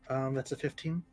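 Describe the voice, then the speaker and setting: A tabletop player describing their character's actions in a halting way. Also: mid-range voice. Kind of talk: tabletop game play.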